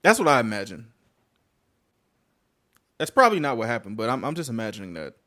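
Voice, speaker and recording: A man reacting on camera in loose, casual commentary, his pitch leaping all over the place. He talks bluntly, swears freely and erupts in sudden outbursts before dropping back to chat. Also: big pitch swings, a little fast, bright, forceful tone. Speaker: reaction video host.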